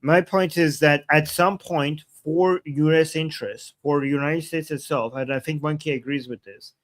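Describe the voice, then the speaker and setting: A man's voice: a little high, steady tone, moderate pace. A man hosting a political livestream, thinking aloud with ums, thanking viewers and asking his guest questions. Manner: musing, hesitant, reads viewer super chats. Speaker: livestream host. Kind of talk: live-stream political talk.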